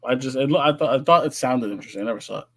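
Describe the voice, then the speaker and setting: A man's voice: medium pitch, racing, slightly rough. A man co-hosting a casual podcast chat, asking curious questions and laughing easily. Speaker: podcast co-host.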